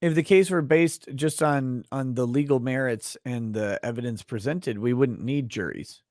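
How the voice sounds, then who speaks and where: A man hosting a livestream, chatting casually with a guest and reading viewer comments aloud with many halting restarts. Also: medium pitch, a little mellow, dry recording, clean studio sound. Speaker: livestream host.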